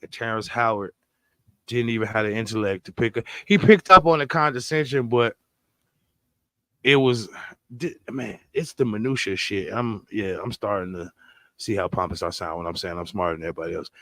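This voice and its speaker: A young man co-hosting a podcast, talking in a casual, profane way and swinging between loud bursts and low mutters. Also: a little fast, dry recording, clean studio sound. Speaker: podcast co-host.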